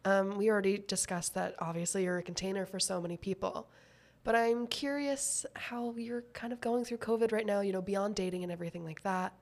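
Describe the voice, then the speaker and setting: A woman's voice: medium pitch, fairly even intonation, brisk, hardly any pauses, darkish tone. A woman hosting a casual conversation show, curious and asking open questions. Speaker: podcast host. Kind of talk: casual chat.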